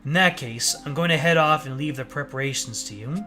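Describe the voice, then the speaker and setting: A man's voice: fairly high pitch, brisk, sharp tone. A man voicing a noble, earnest young prince with a polite, sincere delivery. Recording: faint game music behind.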